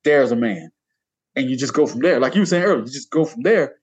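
A man in his fifties, an artist guest, telling stories in casual conversation, animated, laughing often and pitching his voice up high when he quotes people. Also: fast talker, breathy edge, lo-fi sound. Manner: plain informal speech with dropped verbs.

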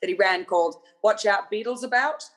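A woman's voice: mid-range voice, a little fast, fairly bright tone. A woman songwriter chatting casually as a podcast guest, talkative and self-mocking, laughing often.

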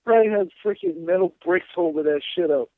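A man's voice: sits high, quick pace, no echo, narrow, tinny audio. A man co-hosting a casual wrestling podcast, ranting in a profane, sarcastic way. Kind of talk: casual chat.

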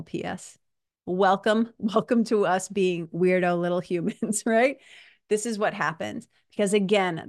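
A podcast host delivers a self-help monologue in a medium-pitched, somewhat bright voice. She talks animatedly, laughs often, and keeps restarting her sentences.

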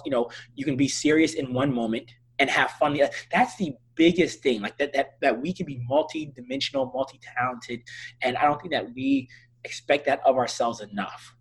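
Husky-voiced man telling stories. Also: mid-range voice, rough recording. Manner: earnest, animated storytelling with frequent restarts. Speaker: physician and interview guest. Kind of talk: casual interview conversation.

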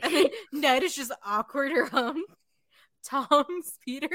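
A woman's voice: high voice, slow, no room sound. Chatty young woman, dry close sound. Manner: chatty, excited, uses many fillers. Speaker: podcast co-host. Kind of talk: casual chat.

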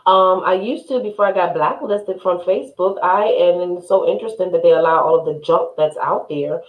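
A woman's voice: on the low side, narrow, tinny audio. A woman appearing as a podcast guest, talking frankly and emphatically in a casual conversation. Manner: frank, emphatic, quick to agree. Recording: echoey room sound.

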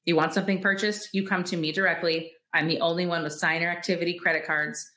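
A woman's voice: fairly low pitch, level tone, fast talker, pushed and bright, reverberant. A woman guest entrepreneur telling candid stories in an interview, acting out quoted dialogue and laughing often.

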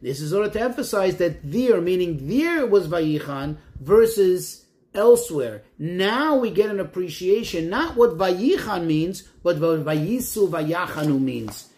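A man's voice: high-pitched, unhurried. A man, a rabbi, teaching a Torah lesson, posing questions and quoting Hebrew verses before translating them. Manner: animated, rising and falling emphasis.

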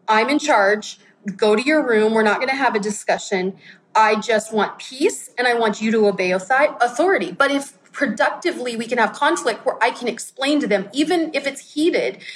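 Candid, animated woman preaching. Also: on the high side, slight background noise, poor audio. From United States. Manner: candid, animated, acts out her own quotes. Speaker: pastor. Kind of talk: conversational sermon.

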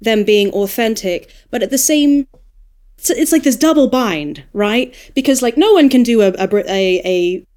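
Australian woman, narrator guest on a panel, fairly high voice, thinks aloud and warms up as she argues. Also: normal speed. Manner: thoughtful, animated when making a point. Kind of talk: casual roundtable discussion.

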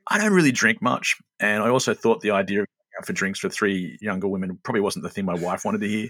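An Australian man in his late forties telling stories in a relaxed, self-mocking way as a guest. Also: on the low side, fast talker, few pauses, breathy edge, no echo. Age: 40s. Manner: chatty, self-mocking storyteller. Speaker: guest, show creator. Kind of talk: casual interview chat.

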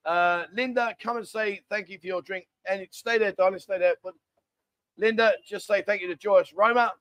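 A man with a high voice hosts a casual live stream from a bar, chatting and joking as he reads out viewer comments. The sound is dry and close. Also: steady tone, moderate pace, a bit bright, no echo.

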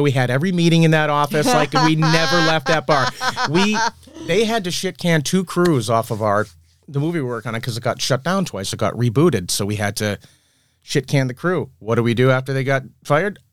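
A man telling animated, profane anecdotes in a casual chat as a guest. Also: medium pitch, dry recording.

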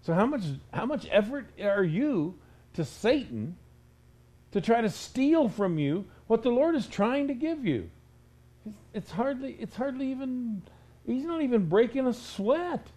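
A man's voice: very high voice, very animated, measured pace, warm tone. A male preacher delivering a stern sermon, pressing his listeners with rhetorical questions.

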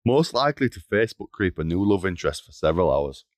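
Teasing man, animated. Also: sits low, quick pace, no echo. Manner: teasing, laughs a lot, reads out prompts. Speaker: podcast co-host. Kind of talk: casual joking chat.

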